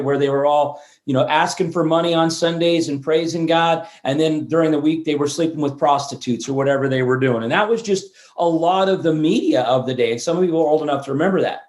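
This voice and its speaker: Chatty man telling stories in a roomy echo. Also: a little high. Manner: animated storyteller who restarts words mid-sentence. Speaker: guest. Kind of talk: storytelling interview chat.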